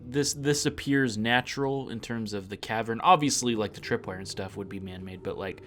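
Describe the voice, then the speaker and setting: A man's voice: fairly low pitch, fairly quick, a bit bright, a little hiss or hum. A man playing a tabletop role-playing game, thinking aloud and often repeating words as he asks questions. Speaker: player.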